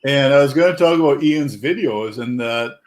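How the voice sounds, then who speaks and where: Rambling casual man, middling pitch. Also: expressive, moderate pace, darkish tone, slight background noise. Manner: rambling, searches for words. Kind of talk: casual chat.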